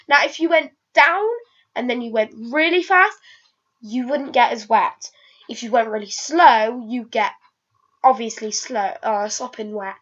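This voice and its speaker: The tone is fairly bright as a woman with a fairly high voice rambles through a laid-back vlog, recorded in dull lo-fi quality. Hesitant throughout, she restarts sentences often and leans on lots of ums and uhs.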